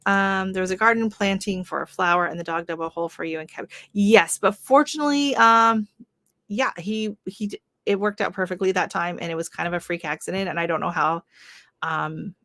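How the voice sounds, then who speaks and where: Canadian woman host, lower voice, rambling filler-filled live chat, dry close mic. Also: a little fast, sharp tone, no room sound. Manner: rambling, filler-heavy, chatty. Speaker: gardening channel host. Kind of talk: casual livestream chat.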